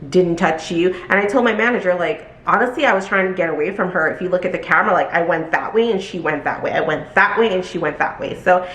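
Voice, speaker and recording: Animated woman. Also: quick pace, hardly any pauses, roomy sound. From Brooklyn, New York. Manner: animated, acts out quotes in high voices. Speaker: vlogger telling a storytime. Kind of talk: casual storytime chat.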